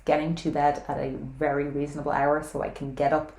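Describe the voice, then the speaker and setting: Low-voiced woman vlogger, earnest. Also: monotone, fairly quick, darkish tone. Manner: earnest, frank, swears casually. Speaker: weight loss vlogger. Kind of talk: casual talk to camera. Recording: echoey room.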